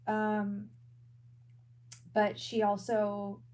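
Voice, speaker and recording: A woman working as a tarot reader and psychic medium on a live stream. She talks in a soft, halting way and repeats her words often. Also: mid-range voice, completely flat delivery, poor audio. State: emotional.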